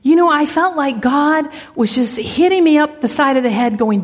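A woman's voice: high-pitched, lively intonation, moderate pace, hardly any pauses, big-room sound. A woman giving an earnest sermon, telling a church story and leading a prayer, often restarting her words. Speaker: church speaker.

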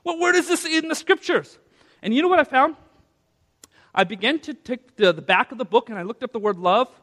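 A man preaching a sermon as pastor, swinging from quiet, low asides to loud, ringing peaks. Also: expressive, fairly quick, long reverb tail.

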